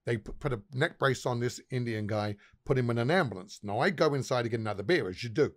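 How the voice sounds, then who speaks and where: A man's voice: mid-range voice, lively intonation, quick pace. A man, a pub owner and guest, telling profane, laughing anecdotes in casual conversation. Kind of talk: casual storytelling chat.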